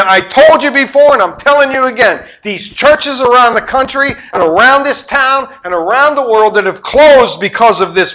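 A middle-aged pastor preaching with a high, bright voice that leaps all over its range. He tells the story dramatically, swinging from loud outbursts to hushed asides. His tone is sharp and forceful. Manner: animated storytelling, acting out voices and sound effects; swings between loud exclamations and quiet asides. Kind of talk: sermon.

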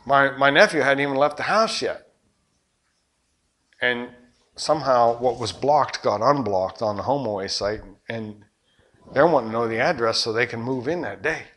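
An older man preaching a sermon as a pastor, with rhetorical questions and passion that surges loud and then drops low. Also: moderate pace. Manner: impassioned preaching, rhetorical questions, surging and dropping loudness.

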